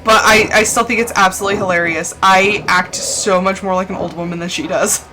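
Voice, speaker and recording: A woman's voice: medium pitch, steady tone, brisk, sharp tone, soft background music. A young woman streaming a game, chatting and telling stories casually and laughing often. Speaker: live streamer. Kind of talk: casual chat while gaming. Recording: background noise.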